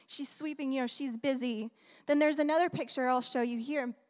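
Speaking a little fast into a handheld mic, a high-voiced woman delivers a sermon full of animated, playful humor and questions tossed to her listeners. Her words trail off in the long reverb of a large church hall.

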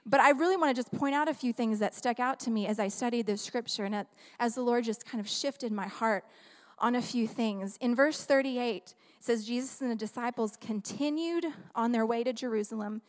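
A woman preaching a sermon in an animated, humorous, conversational way, often asking the audience questions. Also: fairly high pitch, fairly quick, few pauses. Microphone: handheld microphone. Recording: long reverb of a large hall.

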